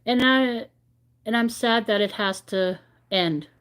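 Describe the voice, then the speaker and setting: A woman hosts a relaxed craft livestream and talks in a slow, unhurried way. She rambles candidly between thoughts and reads comments from her viewers aloud. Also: on the high side, clear, resonant tone. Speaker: crochet livestream host. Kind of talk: casual chat with viewers.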